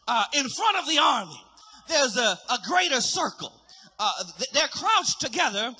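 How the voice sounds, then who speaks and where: A fiery male preacher with a very high, bright voice that swings widely as he tells a story. He builds from quiet asides to shouted high points. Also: sing-song, unhurried, slightly rough. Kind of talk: sermon.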